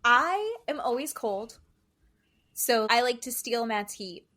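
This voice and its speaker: A woman with a fairly high voice co-hosts a casual podcast, recapping a show with lots of energy. She slips into other people's lines, swears freely and laughs as she tells the story. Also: takes it slowly. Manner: animated, acts out quotes with swearing and laughter. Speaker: podcast co-host.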